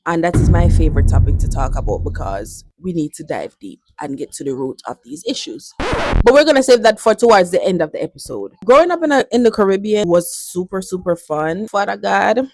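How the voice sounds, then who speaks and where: A woman's voice: fairly low pitch, sing-song, fairly quick, a little mellow, a little hiss or hum. Chatty Jamaican woman in her twenties. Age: 20s. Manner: chatty, playful, switching languages, laughs often. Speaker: vlogger. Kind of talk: casual chat.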